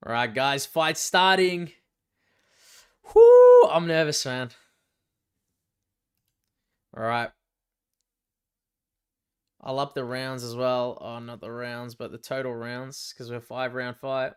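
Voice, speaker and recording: A young Australian man hosting a live fight watch-along, chatty and excitable, swearing freely as he reacts. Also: medium pitch, slow pace, long pauses, smooth. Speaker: livestream fight companion host.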